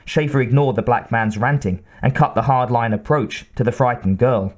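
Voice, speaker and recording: A man narrating an audiobook in a steady, even reading. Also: medium pitch, moderate pace, hardly any pauses. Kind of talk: scripted narration.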